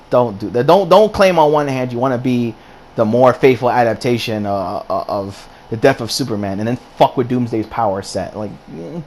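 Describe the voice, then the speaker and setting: A man's voice: mid-range voice, a little mellow. A man delivers a casual, unscripted film review in a mid-range voice, venting and cursing as he goes. He doubles back on his words and restarts sentences. A faint background noise sits under the recording. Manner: profane, ranting, repeats and restarts words.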